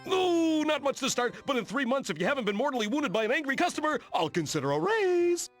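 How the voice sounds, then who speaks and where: A man's voice: very high-pitched, very animated, quick pace, fairly bright tone, soft background music, exaggerated voice. An actor voicing a chatty, cheerful former royal guard who now runs a juice pub in a cartoon adventure game, giggling as he talks. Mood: cheery. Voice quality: giggly, bouncy.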